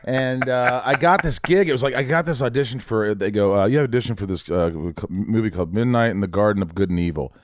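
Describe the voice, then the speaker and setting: A man's voice: fairly low pitch, quick pace, hardly any pauses, dry recording, studio quality. A middle-aged man from Indiana, a guest telling anecdotes in casual chat and acting out the other people's voices. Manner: animated, acts out voices in anecdotes. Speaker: podcast guest, actor.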